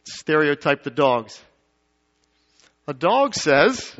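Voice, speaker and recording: A male pastor preaching to his congregation, swinging from emphatic peaks to quiet low asides and asking the crowd questions. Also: expressive, unhurried, pauses often. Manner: dynamic preaching, rising to emphatic peaks then dropping low. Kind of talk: sermon. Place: church sanctuary. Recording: dull lo-fi sound.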